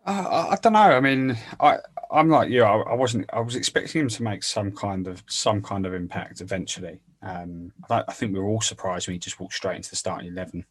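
A man on a casual football podcast, hesitant and repeating himself as he gets going. His voice is very deep with a husky edge. He talks in an easy, unscripted way. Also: fairly quick. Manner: hesitant, repeats words when starting. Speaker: podcast co-host.

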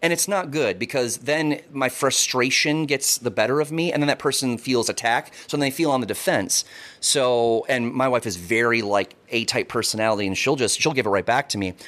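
A man's voice: medium pitch, normal speed, a bit bright. A man in casual podcast chat, rambling and swearing freely, often repeating words as he tells stories.

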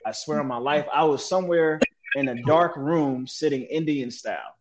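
Animated, slangy man telling a story. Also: on the high side, normal speed, a crowd in the background. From United States. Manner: animated, relives events, mimics sounds, slangy with frequent "like" and "bro". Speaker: guest, military veteran. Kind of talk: conversational storytelling in an interview.

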